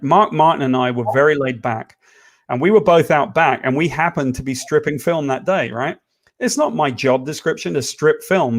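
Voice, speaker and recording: A man co-hosting a casual chat, telling a long story with lively, profane energy. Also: mid-range voice. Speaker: co-host.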